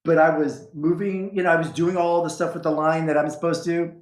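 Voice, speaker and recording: Male storyteller, casual podcast chat, higher-pitched, animated quotes, lots of "I go", echoey room. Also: a little fast. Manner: animated, acts out quoted lines with a jumping pitch; rambling, full of restarts and "I go".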